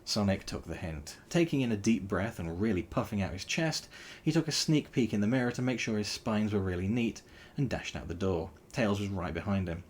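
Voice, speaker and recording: A man reading a novel aloud in a wry, animated storytelling style. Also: on the low side, brisk, slightly rough.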